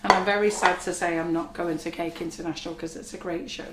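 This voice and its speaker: A woman with a husky voice, chatting reassuringly as she gives a live baking demonstration in a kitchen. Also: fairly low pitch, steady tone, fast. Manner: chatty, reassuring, talks while working. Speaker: cake decorating instructor. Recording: echoey kitchen with faint noise.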